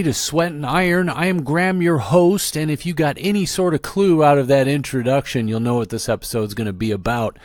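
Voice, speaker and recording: A man's voice: mid-range voice, dry recording, studio quality. A man hosting a podcast in casual chat, rambling and self-deprecating, often restarting his sentences. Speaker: podcast host.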